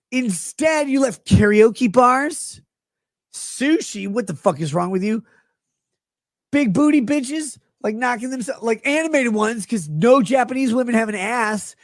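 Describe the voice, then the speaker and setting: A drunk man in a rambling stream monologue, swinging erratically in pitch and loudness. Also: no echo, studio quality.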